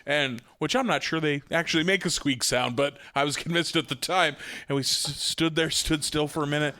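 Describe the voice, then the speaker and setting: A man's voice: a little high, brisk, sharp tone, no echo, clean studio sound. A man co-hosting a podcast, chatting casually and telling a story in a self-mocking, profane way, laughing often. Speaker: podcast co-host.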